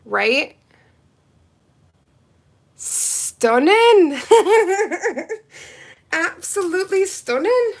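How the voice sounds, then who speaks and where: A woman hosting a live nail art stream, chatting casually with viewers and reading out their comments. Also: mid-range voice. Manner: chatty, reads and answers viewer comments, excitable. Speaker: nail livestream host. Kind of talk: casual livestream chat with viewers.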